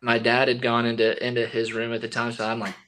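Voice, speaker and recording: A young man being interviewed tells a story in an easy, casual voice. His delivery wanders, full of fillers and half-finished starts before he finds the thread. His pitch sits in an ordinary middle range. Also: fast talker, a little hiss or hum. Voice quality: relaxed, filler-heavy with many likes and restarts. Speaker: guest, baseball relief pitcher.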